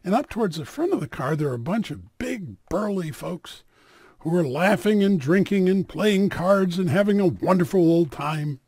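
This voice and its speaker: A man telling a story aloud in an animated, dramatic way. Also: sits high, moderate pace, husky, no echo, studio quality. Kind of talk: oral storytelling.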